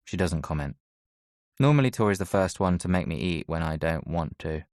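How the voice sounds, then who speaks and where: A young man narrating an audiobook in the first person, soft, subdued and measured. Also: sits low, dry recording, studio quality.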